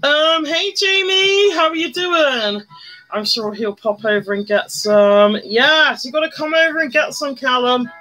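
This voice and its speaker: A chatty livestreamer with a high, bright voice, talking casually while doing makeup. They greet viewers one after another and hum along. Faint music plays in the background. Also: steady tone, measured pace.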